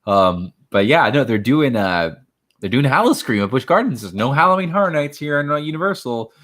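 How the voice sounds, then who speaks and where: A man's voice: mid-range voice, lively intonation, fairly quick, fairly bright tone. A man in his twenties from Miami, hosting a casual home livestream, rambling and chatting as he answers viewer questions. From Miami, Florida. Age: 20s. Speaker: host of a livestream.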